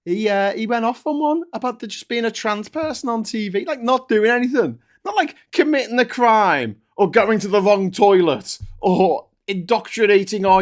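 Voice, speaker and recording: A man with a Mancunian accent hosting a casual live stream, talking bluntly with plenty of swearing and jokes. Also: high voice.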